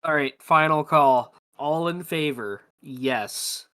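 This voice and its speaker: A man with a bright, sharp voice plays at a tabletop game, chatty and a little hesitant as he checks the rules. His voice sounds close and dry. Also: a little high, takes it slowly, smooth, dry recording. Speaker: player. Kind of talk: casual chat.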